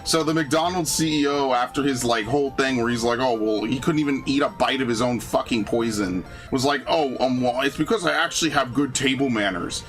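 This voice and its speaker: A man's voice: mid-range voice, fairly quick, few pauses, faint music behind. A young man hosting a gaming channel, chatting casually and ranting with lots of swearing and "bro.". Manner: animated ranting, profane, frequent "bro" and "dude". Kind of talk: casual chat over gameplay.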